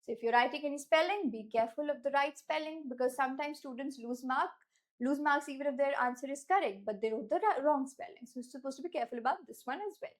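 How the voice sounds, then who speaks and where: A woman teacher with an Indian English accent, giving an instructional lesson and slowing down to stress key words. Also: high voice. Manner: clear, deliberate, slows down to stress key words.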